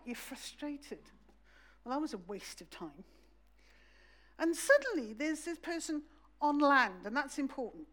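In a church, a woman with a little high voice preaches a sermon, telling the story in a lively way and acting out the voices.

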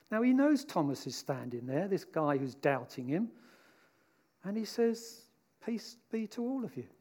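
Conversational male preacher, fairly high voice. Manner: conversational and animated, voicing the disciples. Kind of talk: sermon.

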